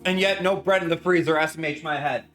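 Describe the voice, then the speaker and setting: A man's voice: fairly high pitch, fast talker, a bit bright, soft background music. A young man streaming casually from his home kitchen while he bakes, rambling cheerfully and greeting his chat with strings of hellos.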